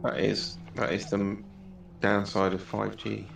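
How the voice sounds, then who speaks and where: A man with a low, gravelly voice makes dry wisecracks over voice chat. He sounds far from the mic in a roomy space, with a faint hum behind him. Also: monotone, unhurried. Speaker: guest in voice chat. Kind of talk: casual voice-chat banter.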